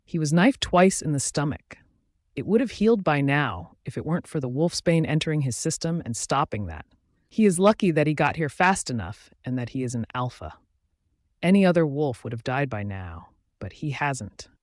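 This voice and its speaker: A man voicing a male werewolf pack doctor who delivers bad news in a calm, clinical way. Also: a little high, moderate pace, dry recording, clean studio sound. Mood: grave.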